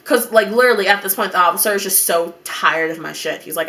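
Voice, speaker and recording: A young woman vlogger telling a dramatic story in an animated, over-the-top way, swearing now and then. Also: fairly low pitch, quick pace, hardly any pauses, slight background noise. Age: young adult.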